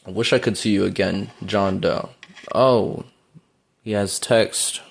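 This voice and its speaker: A man giving casual, rambling gameplay commentary, full of fillers, breaking into excited yelps while playing. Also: fairly low pitch, slow pace, creaky, breathy edge. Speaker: gaming YouTuber. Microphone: phone.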